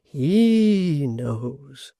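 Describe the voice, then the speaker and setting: An audiobook narrator voicing an elderly, chuckling man who mumbles his words slowly and knowingly, his voice pitched high and thin. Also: very animated, dark tone, no echo, studio quality, heavily acted. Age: older. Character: chuckling old London man, garrulous.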